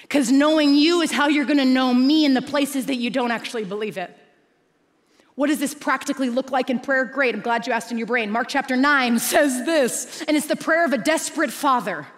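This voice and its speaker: A woman pastor preaching a sermon, swinging between loud emphatic lines and hushed asides. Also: on the high side, a little fast. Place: large church auditorium. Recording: long reverb of a large church hall.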